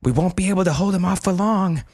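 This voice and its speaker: A man's voice: high voice, heavy background noise, voice pushed up. Tough commanding woman, as a man puts her on. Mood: urgent. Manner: commanding, brisk. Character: tough determined human woman leading animals. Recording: music playing under the voice.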